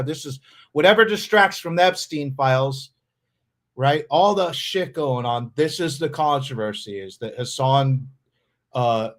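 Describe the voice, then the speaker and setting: A man hosting a casual livestream, blunt, profane and sarcastic as he reacts to clips. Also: medium pitch. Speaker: streamer host.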